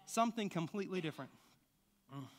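A man preaching a sermon and sharing his own testimony, swinging from hushed confessions to loud, fervent exclamations. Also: high-pitched, animated, fast. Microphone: stand microphone.

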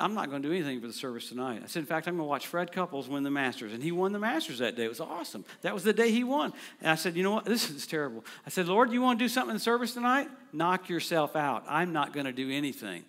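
A middle-aged man preaches, spinning stories with energy. His voice sits a little high, and he jumps up loudly whenever he acts out what someone said. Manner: storytelling, animated, acts out quotes loudly. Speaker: traveling preacher. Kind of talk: sermon.

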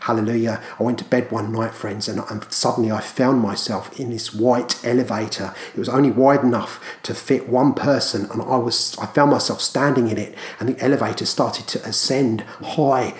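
A man preaching a fervent sermon, often repeating hallelujah and friends and swinging between hushed and loud. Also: medium pitch, reverberant.

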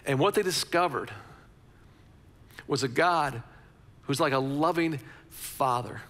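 A man's voice: fairly high pitch, slow, a bit bright, long reverb tail. A man preaching a conversational sermon as a pastor, repeating phrases for emphasis.

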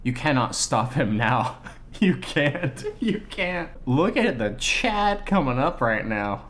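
Excitable man reacting with lively pitch. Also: takes it slowly. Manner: excitable, exclamatory, swears freely, slangy. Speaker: anime reaction streamer. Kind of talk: live reaction commentary.

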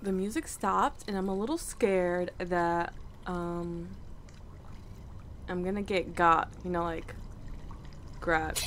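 A woman's voice: lowish voice, slow, long pauses, a bit bright, slight background noise. A woman commentating a horror game as she plays it, jumpy and easily frightened, gasping, cursing and talking to the characters on screen. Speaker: let's play host. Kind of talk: gameplay commentary.

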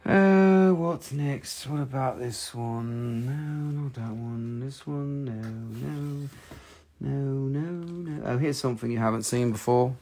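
Man, mid-pitch, fry-heavy, casual profane live-sales host, tired scratchy voice. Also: takes it slowly. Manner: chatty, profane, excitable salesman talk. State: voice getting scratchy from hours of talking. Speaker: host selling rocks and gems on a live stream.

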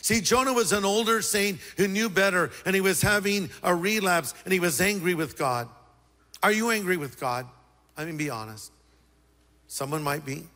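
A man preaching a sermon as pastor, lively and joking with the congregation. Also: sits high, normal speed, in a large hall.

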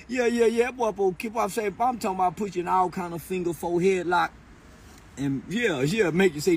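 A man giving a crude, mocking commentary, laughing often and repeating words in quick bursts. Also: sits high, lively intonation, fairly bright tone, slightly rough. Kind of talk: profane mocking rant.

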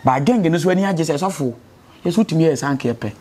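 A Ghanaian man talks quickly and earnestly in a street interview, preaching about faith and turning his life around. His voice sits a little high. Faint outdoor ambience hums behind him. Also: lively intonation, a little mellow, a little hiss or hum. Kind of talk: street interview in Twi and English.

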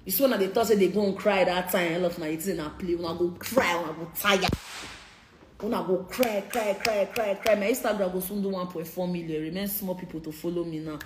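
A woman's voice: on the low side, steady tone, quick pace, few pauses, noisy background. Young Nigerian woman ranting, roomy sound. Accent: Nigerian Pidgin English. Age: 20s. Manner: confrontational, repeats her points. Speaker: social media personality. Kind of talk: heated Instagram live rant.

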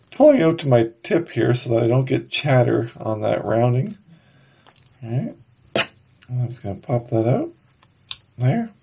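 A man hosting a woodcarving tutorial, his voice stuffy and nasal from a cold. He talks in a relaxed, chatty way as he works, and his tone is mellow and dark. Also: medium pitch, gravelly, husky. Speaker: woodcarving channel host. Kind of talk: casual carving tutorial narration.

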